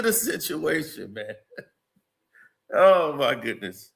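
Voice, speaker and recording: A man's voice: high voice, expressive, unhurried, creaky, sharp tone. A man commenting on a video clip in a casual, incredulous way, laughing often.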